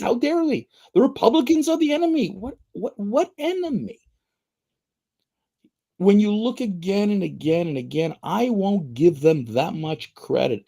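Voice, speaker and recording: Guy ranting on a talk show, darkish mellow voice, pitch all over the place, lots of "i, i, i". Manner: animated, repeats words and stammers when fired up. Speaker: podcast co-host. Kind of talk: heated political commentary.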